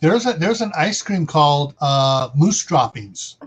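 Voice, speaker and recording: A man's voice: on the high side, big pitch swings, husky. A man co-hosting a livestream in casual chat, often repeating words as he searches for what to say. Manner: halting, repeats words while searching for them. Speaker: livestream co-host.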